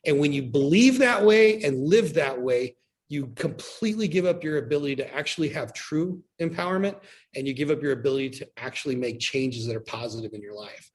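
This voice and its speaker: A man's voice: mid-range voice, brisk. Opinionated man in casual podcast talk. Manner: opinionated, mixes in acted quotes. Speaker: podcast guest, restaurant owner.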